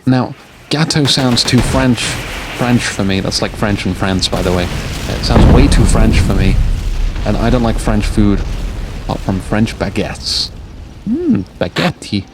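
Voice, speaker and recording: A man's voice: on the low side, a little slow. A tired man casting a strategy war game late at night, rambling and joking between calls of the action, with game noise behind him. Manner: rambling, jokey, drifts off topic. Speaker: game caster. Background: game sounds of gunfire and vehicles.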